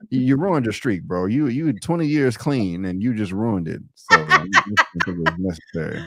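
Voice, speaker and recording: A man co-hosting a casual TV review chat, hesitant, with many pauses and repeated words. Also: lowish voice, lively intonation, noisy background. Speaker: co-host reviewing a TV episode.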